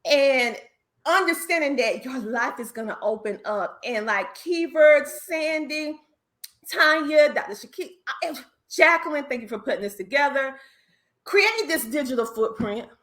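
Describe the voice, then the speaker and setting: Emphatic Southern woman, bright voice. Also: high-pitched, animated, measured pace. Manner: emphatic, preacherly, calls listeners honey. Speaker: business coach. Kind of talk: motivational speech in an online panel. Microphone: video call.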